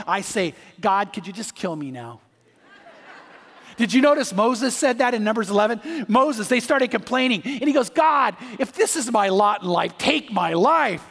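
A man's voice: sits high, fairly bright tone. A man preaching a sermon as pastor, emphatic, with repeated words and joking asides. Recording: long hall reverb.

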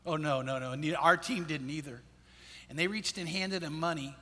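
A middle-aged man, a pastor, telling a personal story in an earnest, reflective way, often dropping his voice low and soft at the sad parts. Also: moderate pace, big-room sound.

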